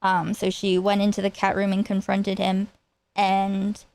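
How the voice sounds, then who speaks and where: A woman's voice: medium pitch, completely flat delivery, a little slow, darkish tone. A woman streamer casually retelling online drama, rambling and restarting her sentences. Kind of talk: casual reaction commentary.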